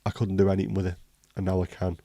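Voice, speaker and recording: A man's voice: deep voice, level tone, fast, warm tone, no room sound. A man, hosting a casual livestream and chatting with viewers in a joking way. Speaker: livestream host.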